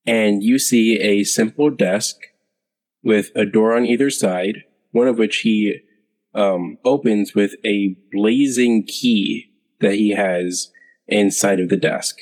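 A man narrating as game master of a tabletop game, hesitant and unhurried with many fillers. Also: lowish voice, a little mellow. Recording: long hall reverb.

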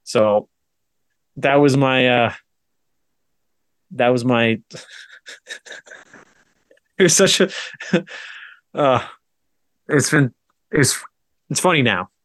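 A man's voice: medium pitch, extremely slow, pauses often, no echo, clean studio sound. A man co-hosting a podcast, casually telling a long anecdote and acting out both sides of the conversation. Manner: animated retelling, acts out both sides with repeated "I go". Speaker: podcast co-host. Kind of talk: casual storytelling chat.

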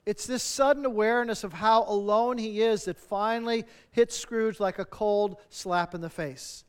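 A male pastor delivering a sermon in a high, smooth and clear voice. He speaks earnestly and stacks up rhetorical questions, letting his phrase endings fall soft. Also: normal speed.

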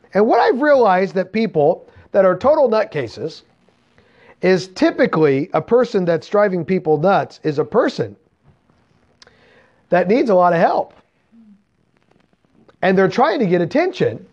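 Animated preacher man. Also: sits high. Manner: animated, acts out voices in anecdotes. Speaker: camp preacher. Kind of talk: storytelling sermon. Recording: dull lo-fi sound.

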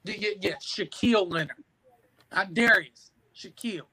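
A man in casual sports chat, animated and teasing, with halting restarts. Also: high voice, breathy edge, rough recording.

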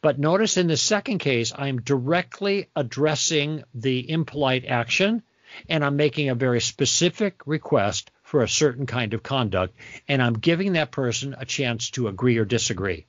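A man's voice: mid-range voice, animated, normal speed, no echo. A man being interviewed as a guest author, explaining conversation tactics in a teacherly way and acting out sample dialogue. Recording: dull lo-fi dry sound.

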